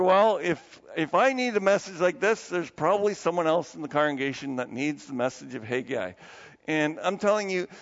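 Pastor in a reverberant church. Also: male voice. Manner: storytelling, grows animated with raised pitch when quoting; soft, low prayer voice. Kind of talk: sermon with opening prayer. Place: church sanctuary. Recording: dull church PA with long reverb.

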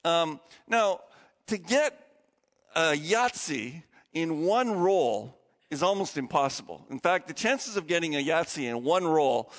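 A man preaching a sermon, opening with a prayer and telling stories with animated, lively delivery. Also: a little high, measured pace. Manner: animated storytelling, acting out quoted voices. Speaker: pastor. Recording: long hall reverb.

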